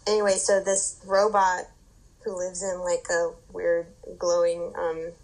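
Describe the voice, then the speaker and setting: A woman's voice: on the low side, completely flat delivery, measured pace, darkish tone, rough recording. A woman hosting a podcast, who chats casually and rambles through a story while filling it with "like" and "um". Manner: rambling, filler-heavy storytelling. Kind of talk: casual chat.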